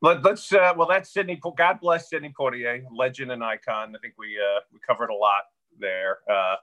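A man's voice: mid-range voice, moderate pace, bright, forceful tone, rough recording. A man hosting a casual chat, teasing his co-hosts and steering the talk. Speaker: podcast host.

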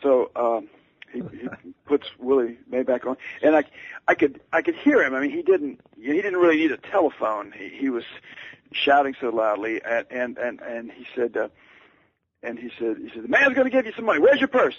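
Man guest, husky and gravelly, lively stammering storyteller, dull radio sound. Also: medium pitch, no echo. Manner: halting, stammering, self-deprecating. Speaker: author guest.

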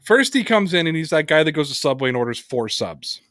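A man hosting a casual podcast, telling stories with animated energy and plenty of swearing. His voice sits a little high for a man, recorded close and dry with no room sound. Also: brisk, dry recording. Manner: animated storyteller, swears freely, acts out quotes. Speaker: podcast host. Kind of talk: casual chat.

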